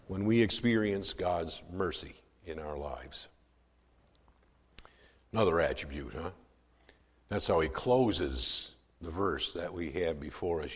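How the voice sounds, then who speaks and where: Man, pastor, sermon, slow deliberate delivery, very lively pitch, hushed to booming, long hall reverb. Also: breathy edge. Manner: dramatic swings from hushed to loud emphasis.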